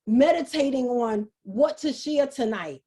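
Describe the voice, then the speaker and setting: A woman giving an earnest motivational talk over a video call, halting and repeating herself. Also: sits high, lively intonation, mellow. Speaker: speaker.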